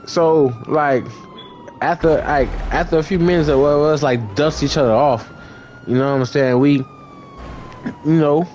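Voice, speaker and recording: Speaking unhurriedly with frequent pauses and a darkish tone, a young man rambles through a long story in casual chat, full of fillers. He acts out others in high voices, and there's slight background noise.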